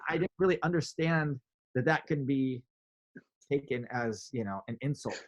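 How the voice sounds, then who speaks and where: A man telling a story in a casual interview, animated, filling his talk with "like" and acting out quotes. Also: mid-range voice, moderate pace. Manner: animated, many "like" fillers, acts out quotes. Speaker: podcast guest, drummer.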